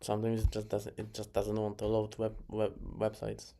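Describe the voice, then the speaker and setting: A man's voice: on the low side, monotone, normal speed, dark tone. A man casually reviewing his own chess games, muttering moves, correcting himself and chuckling along the way. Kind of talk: casual game review commentary. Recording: clear background noise.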